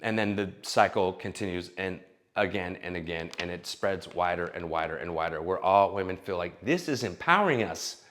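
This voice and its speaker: Brief: blunt, profane dating-advice vlogger, low-voiced man in his forties. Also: fairly even intonation, moderate pace. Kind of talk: casual opinion rant.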